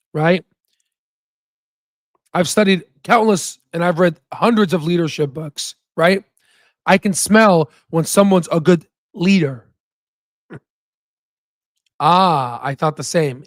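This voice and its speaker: A man's voice: high voice, a little slow, dry recording. A man hosting an investing channel, commenting emphatically on a clip and asking his listeners for agreement. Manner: emphatic, repeats points, asks the listeners for agreement.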